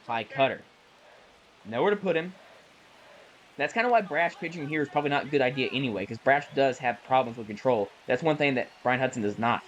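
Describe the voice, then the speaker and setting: A man casually calling the plays of a baseball video game he is playing, chatty and self-correcting, with bursts of excitement on big plays. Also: mid-range voice, brisk, highs cut off, slight background noise. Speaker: gaming YouTuber. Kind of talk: casual play-by-play while gaming.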